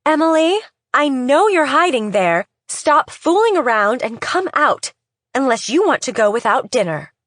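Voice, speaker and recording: A woman voicing an irritable middle-aged mother who scolds loudly and sharply in an audiobook. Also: sits high, very animated, unhurried, no room sound, studio quality, voice pushed up, heavily acted. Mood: scolding.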